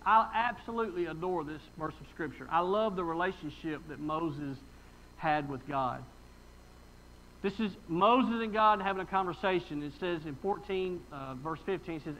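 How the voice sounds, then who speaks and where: High, bright-voiced man preaching. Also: lively intonation, a little fast, a little hiss or hum, low-quality recording. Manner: folksy, emphatic preaching with rhetorical questions. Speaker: pastor. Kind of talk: sermon.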